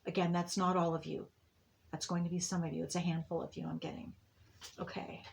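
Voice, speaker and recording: A woman's voice: on the low side, level tone, a little fast, gravelly, slight background noise. A woman giving a monthly intuitive reading to her viewers, rambling and restarting with many fillers in a reassuring tone. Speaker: astrology and tarot reader.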